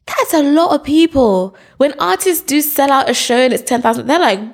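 A woman's voice: high-pitched, unhurried. A woman, a guest in a casual interview, talking animatedly. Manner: animated, acts out quotes in lively voices. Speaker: podcast guest.

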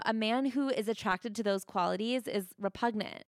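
A woman's voice: mid-range voice, moderate pace, no echo, studio quality. A woman co-hosting a podcast, reading passages from a memoir and bluntly critiquing them, swearing now and then. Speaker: podcast co-host.

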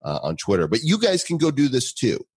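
A man co-hosting a podcast in relaxed, chatty talk with frequent fillers. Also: medium pitch, brisk, husky, no echo. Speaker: podcast co-host. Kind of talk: casual podcast chat.

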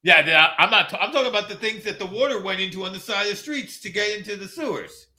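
Bright-voiced man chatting haltingly. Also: high voice, expressive. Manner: halting, trails off with ums. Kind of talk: casual chat.

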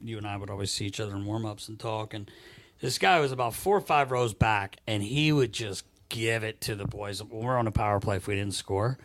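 A man telling hockey locker-room stories in a relaxed podcast chat, laughing often and swearing freely. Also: fairly low pitch, a little fast. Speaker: former hockey team equipment manager, guest. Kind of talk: casual podcast storytelling.

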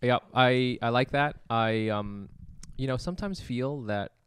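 A man on a comedy podcast, tossing in quick jokes and playful bits during the chat. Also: mid-range voice, clear, resonant tone, no echo, studio quality.

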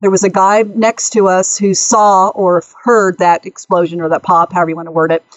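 A woman co-hosting a casual chat show, telling her own road story and chiming in with quick agreement. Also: mid-range voice, little pitch movement, no echo, lo-fi sound. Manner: chatty, quick back-and-forth agreement. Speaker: podcast co-host.

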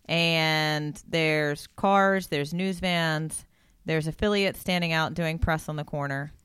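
A woman's voice: deep voice, steady tone, slow, a bit bright, clean tone, no room sound, studio quality. A woman from an auction company, walking listeners through a busy sale day in a podcast interview. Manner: storytelling, sets scenes for the listener.

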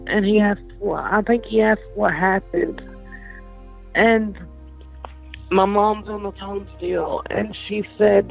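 Gravelly woman on a phone line. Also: medium pitch, steady tone, faint music behind. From Georgia, USA. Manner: emotional, halting retelling with repeated words. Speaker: interviewee, sister of the deceased. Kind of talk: recorded interview recounting events. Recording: tinny phone-line interview audio.

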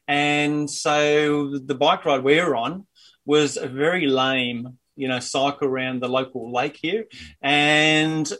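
A man's voice: on the high side, steady tone, slow pace, a bit bright. A man with an Australian accent, talking in an upbeat, easygoing way as an interview guest. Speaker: guest, cardiac arrest survivor. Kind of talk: casual interview chat.

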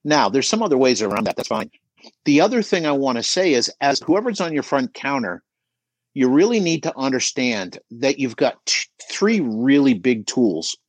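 A middle-aged man coaching on a podcast, emphatic and animated, asking rhetorical questions as he talks. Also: mid-range voice, moderate pace, dry recording. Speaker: auto shop business coach guest. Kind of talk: podcast conversation.

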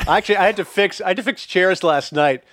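A man's voice: sits high, fast, a bit bright, no echo, clean studio sound. A young man hosting a talk podcast, chatting casually with lots of filler and profanity. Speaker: podcast host. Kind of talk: casual chat.

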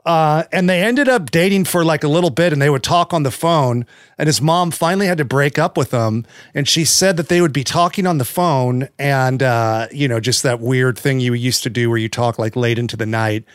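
A man's voice: mid-range voice, normal speed, no echo, studio quality. A man co-hosting a podcast, telling stories in a rambling, joking way. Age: young adult. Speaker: podcast co-host. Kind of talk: casual podcast chat.

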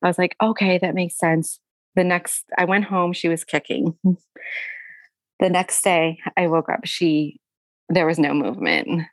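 Young woman guest, low-ish voice, dry close sound, talks in halting emotional bursts. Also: no echo. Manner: halting, emotional, often quoting herself; frequent fillers and restarts. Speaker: guest sharing a personal story. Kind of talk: candid conversational storytelling.

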